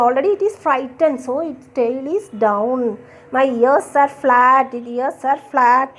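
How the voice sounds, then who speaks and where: Woman schoolteacher, Tamil Indian English accent, high-pitched, patient repetitive lesson delivery. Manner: slow, repetitive explaining with questions to children. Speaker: teacher. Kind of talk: classroom lesson explaining a poem.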